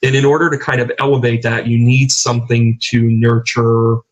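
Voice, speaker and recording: A man's voice: mid-range voice, flat delivery, normal speed, lo-fi sound. A middle-aged man, a guest on a talk show, telling stories in a rambling way with many restarts and fillers. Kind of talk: casual interview talk.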